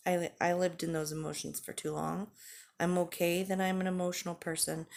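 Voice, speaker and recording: Gravelly low-voiced woman in her forties. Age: 40s. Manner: earnest, halting, many fillers. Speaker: vlogger. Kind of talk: candid personal vlog talk.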